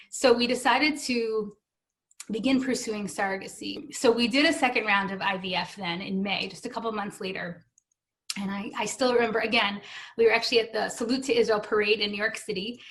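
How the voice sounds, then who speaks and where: A woman's voice: mid-range voice, a bit bright. A woman in her thirties giving an earnest, emotional personal testimony, acting out what others said to her. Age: 30s. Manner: earnest and emotional, with acted-out quoted dialogue. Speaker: guest telling her story. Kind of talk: personal testimony at a benefit stream.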